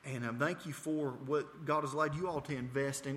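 A man in a preacher's role tells a congregation a conversion story, stumbling over fillers and restarts as he goes. His voice sits a little high and rings bright and forceful, and he keeps circling back to "she said" while the telling grows fervent. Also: steady tone, a little fast, big-room sound, slight background noise. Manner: storytelling, repeating "she said" and building to fervent intensity; frequent hesitations and restarts. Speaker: mission preacher. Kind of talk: testimony sermon.

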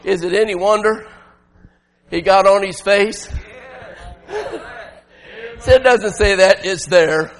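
A male preacher giving a sermon with emphatic, shouting delivery and frequent laughter. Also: sits high, lively intonation, takes it slowly, long pauses, long reverb tail.

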